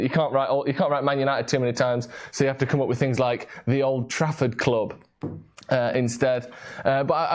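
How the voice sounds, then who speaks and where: A young man hosting a jokey late-night show, full of sarcastic, deadpan asides. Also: fairly high pitch. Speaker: host. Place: small home studio.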